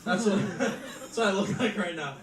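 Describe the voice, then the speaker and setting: A man's voice: sits high, normal speed, distant mic. A male stand-up comedian opening his set with wry, self-deprecating observational jokes. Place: live comedy venue. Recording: echoey live room with noise.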